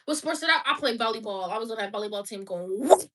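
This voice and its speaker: A woman's voice: mid-range voice, fast. A woman vlogging casually, playful and chatty, talking straight to her viewers. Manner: playful, talks to viewers, breaks into laughter and snatches of song. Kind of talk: casual reaction vlog.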